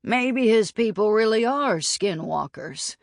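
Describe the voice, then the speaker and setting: A woman's voice: on the high side, lively intonation, slow, vocal fry, dry recording, clean studio sound, pitched above the performer's own voice, full character voice. A woman doing a cackling, mocking frontier gunman. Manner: taunting, cackling. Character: cackling rough older male gunman.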